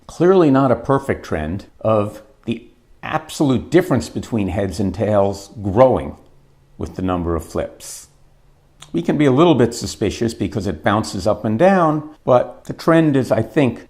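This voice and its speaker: A man lecturing in a fairly low voice that moves a lot in pitch, rising and falling as he explains. He works through graphs in a measured, step-by-step way for a recorded course. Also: a little mellow.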